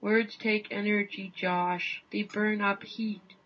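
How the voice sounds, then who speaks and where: A woman doing a slow, laconic northern guide. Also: level tone. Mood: calm. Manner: slow, low, spare words. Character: laconic, patient Inuit guide, man. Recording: dull lo-fi recording.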